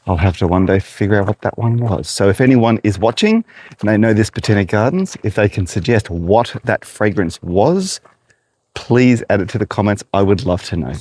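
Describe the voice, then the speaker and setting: A man's voice: fairly low pitch, animated, normal speed, darkish tone, low-quality recording. Slightly winded Australian man touring a garden. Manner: chatty, talks straight to viewers. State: a little out of breath from walking. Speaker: horticulturist vlogger. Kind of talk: walking garden tour vlog. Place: outdoors in a botanic garden.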